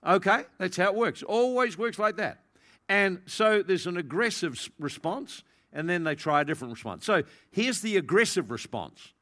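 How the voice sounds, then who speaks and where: A man preaching a sermon, acting out the people he describes and swinging between loud and soft. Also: moderate pace. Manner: animated, acts out quoted voices, big swings in pitch and loudness. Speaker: pastor.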